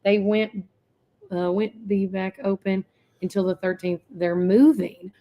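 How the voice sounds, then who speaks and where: A bubbly, excitable woman with a Southern accent, co-hosting a local live show. She chats freely and easily, like a seasoned radio voice. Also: mid-range voice, measured pace. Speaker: co-host, former radio presenter. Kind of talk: casual chat.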